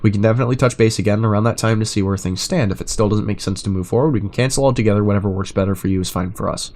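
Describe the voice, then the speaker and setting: A man reading chat messages aloud in an even, measured way, breaking into loud, sarcastic rants full of swearing. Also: fairly low pitch. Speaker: commentator reading chat logs.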